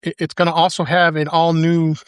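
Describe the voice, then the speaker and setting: A man's voice: fairly high pitch, level tone, fairly quick, clear, resonant tone, no room sound, studio quality. A man hosting a live podcast panel, talking loosely with lots of ums and uhs. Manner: rambling with many fillers. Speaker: podcast host. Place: live event stage.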